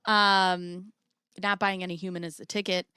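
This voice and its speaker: Woman streamer, lowish smooth voice, dry close sound, casual and blunt, reads chat aloud. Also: level tone, normal speed, sharp tone, dry recording. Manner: chatty, swears freely, reads chat aloud. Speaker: livestream host. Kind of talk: casual livestream commentary.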